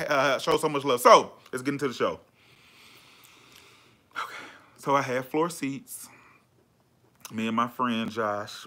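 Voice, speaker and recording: A man's voice: a little high, pushed and bright. A man hosting a podcast, chatting casually and animatedly with lots of slang and fillers. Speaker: podcast host. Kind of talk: casual chat.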